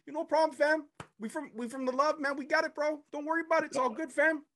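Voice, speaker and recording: A man's voice: extremely high pitch, fairly even intonation, quick pace, a bit bright, voice pushed up. A man putting on a friendly, laid-back young male street guy talking in slang.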